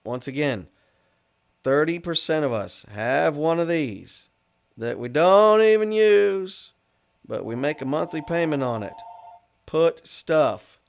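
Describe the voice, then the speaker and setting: Joking, rambling radio host. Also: male voice, a little high, lively intonation, slow pace, gravelly. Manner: rambling, joking, self-mocking. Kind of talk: call-in radio show.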